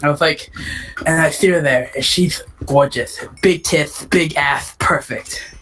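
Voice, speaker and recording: A man's voice: on the high side, a little slow, fairly bright tone, rough recording. Rambling, stammering improv storyteller, a man. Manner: rambling, stammering restarts, crude jokes.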